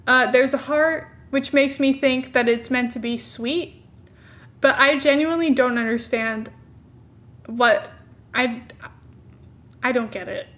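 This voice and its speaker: A woman's voice: sits high, unhurried, long pauses, a bit bright. A young woman streamer chatting casually, giggling often and poking fun at herself. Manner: giggly, self-mocking, chatty. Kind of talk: casual live-stream commentary.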